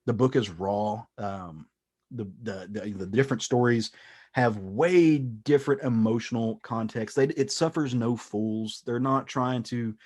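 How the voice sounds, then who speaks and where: A man with a middle-pitched voice hosts a casual comics podcast. He retells the stories loosely, full of fillers and restarts. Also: a little slow, darkish tone. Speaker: podcast host. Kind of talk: casual comic book review.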